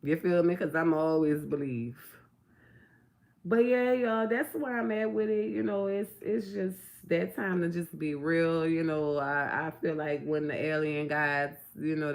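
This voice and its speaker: Gravelly blunt middle-aged woman. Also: sits low, steady tone, moderate pace. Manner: preachy, blunt and profane, full of rhetorical questions. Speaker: vlogger. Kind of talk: casual talk to camera.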